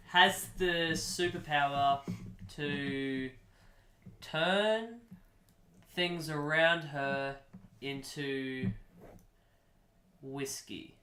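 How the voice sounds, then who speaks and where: Young man rambling a made-up story. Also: a little high. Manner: rambling, deadpan improvised storytelling. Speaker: podcast co-host. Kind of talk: casual comedic chat. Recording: echoey room.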